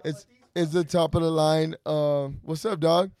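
A young man on a podcast, telling animated, profane stories in casual chat. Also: a little high, unhurried. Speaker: podcast guest.

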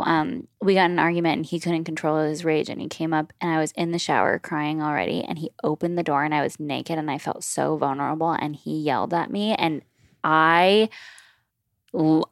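A woman's voice: low voice, gravelly, no room sound, clean studio sound. A woman in her thirties, a podcast guest, talking candidly about personal experiences in casual chat at home. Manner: candid, confessional storytelling.

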